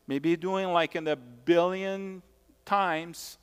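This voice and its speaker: A man's voice: a little high, measured pace, fairly bright tone, clear, resonant tone. A man preaching a sermon as pastor, emphatic and conversational, repeating key points and tossing asides to the congregation. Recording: long hall reverb.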